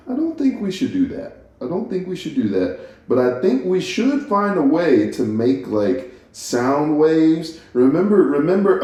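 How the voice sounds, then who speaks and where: A man's voice: mid-range voice, mellow. A man hosting a solo podcast, musing casually and rambling, stopping and restarting and laughing at himself. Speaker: podcast host. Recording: echoey room.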